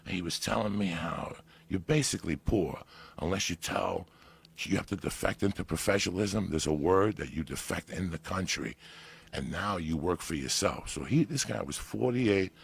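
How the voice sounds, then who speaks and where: A man telling a story in casual chat, animated and profane, with loud bursts of emphasis. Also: low voice, normal speed, creaky, breathy edge. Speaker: podcast guest.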